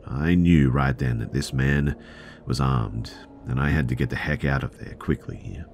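Very deep-voiced man telling a tense story. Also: measured pace, creaky, a little mellow, a little hiss or hum. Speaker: narrator. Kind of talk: first-person story narration.

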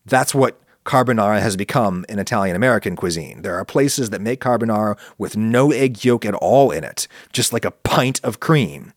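A man hosting a podcast, making his case to listeners in an animated, argumentative monologue. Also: moderate pace, few pauses, dry recording, clean studio sound. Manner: animated, argumentative, swings pitch for emphasis. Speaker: podcast host answering listener questions. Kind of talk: casual spoken monologue.

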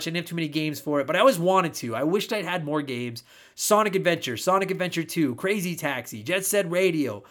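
A man's voice: fairly high pitch, a bit bright. A man hosting a retro gaming podcast, talking casually and animatedly, swearing freely and joking as he reads listener mail and news. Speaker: podcast host.

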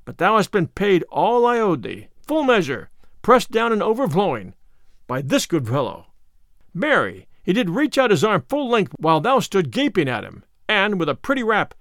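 A man's voice: sits high, fairly bright tone, no echo, studio quality, heavily acted. A man voicing a boisterous, merry outlaw leader, speaking in hearty archaic phrases. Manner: hearty, laughing, archaic speech.

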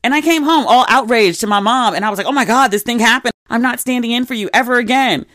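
A young adult woman hosting a podcast, telling stories in casual, animated chat with frequent asides. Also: on the high side, fast, dry recording, clean studio sound. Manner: animated, conversational storytelling with asides. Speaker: podcast host.

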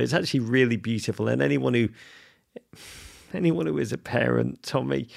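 A man with an English accent co-hosting a casual podcast, talking in an animated, effusive way with frequent restarts. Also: medium pitch, creaky. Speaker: podcast co-host.

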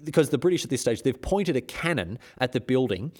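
A man's voice: medium pitch, expressive, fairly quick, darkish tone. Man, history podcast host, medium voice, casual, sarcastic, restarts. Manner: jokey, sarcastic, many restarts and fillers.

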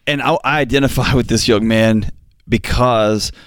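A man's voice: medium pitch, steady tone, normal speed, fairly bright tone, a little hiss or hum. A man co-hosting a talk show, chatting in an easygoing way and laughing along. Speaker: co-host. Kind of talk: casual studio banter.

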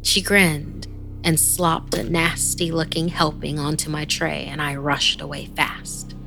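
A woman narrating a first-person horror story in a measured, hushed storytelling manner, sometimes sinking almost to a whisper. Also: flat delivery, music in the background. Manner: slow, low and gravelly, dropping to hushed whispers.

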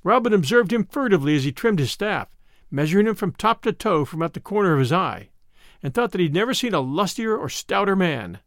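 A man narrating an old-fashioned adventure story in an expressive storytelling manner. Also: sits high, brisk, dry recording, studio quality.

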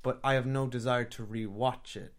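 A man's voice: mid-range voice, fairly even intonation, moderate pace, a crowd in the background. Rambling man co-hosting a chat show. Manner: rambling, self-mocking, lots of restarts. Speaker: podcast co-host. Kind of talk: casual chat. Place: home sofa.

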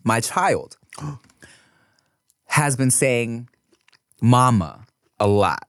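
A man's voice: medium pitch, extremely slow, no echo, studio quality. A man in his thirties, a podcast co-host, telling stories in casual chat, swearing and acting out voices as he goes. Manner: animated storyteller, swearing, acts out voices.

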